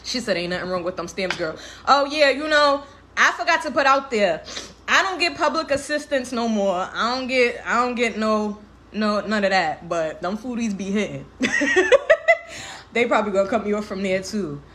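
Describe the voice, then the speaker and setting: A young woman in her twenties talks straight into her stream, her voice sitting a little high. She speaks in loose, candid slang with plenty of swearing, laughing easily and close to tears at times. A faint room hum sits behind her. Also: animated, normal speed, pushed and bright. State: tearful. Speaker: livestream host. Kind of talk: casual livestream talk.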